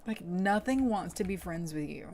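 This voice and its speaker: A woman's voice: fairly low pitch, lively intonation, moderate pace, darkish tone, faint music behind. A young woman from the States, chatting casually and rambling through stories while she plays a game as a streamer. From southern United States. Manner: chatty, rambling storyteller with frequent fillers. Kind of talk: casual chat while gaming.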